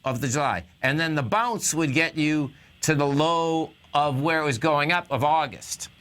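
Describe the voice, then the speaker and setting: A man's voice: fairly high pitch, normal speed, a bit bright. A male talk radio host giving casual, rambling stock market commentary.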